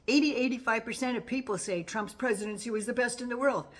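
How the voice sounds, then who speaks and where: A woman's voice: fairly high pitch, animated, fast, hardly any pauses. An older woman giving casual, folksy political commentary to her viewers in a sassy, teasing way.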